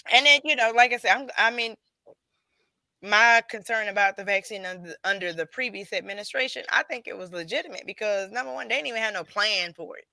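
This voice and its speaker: A woman co-hosting a podcast in casual chat, playful and animated, often laughing. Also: medium pitch, fairly quick, gravelly, no room sound. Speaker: podcast co-host.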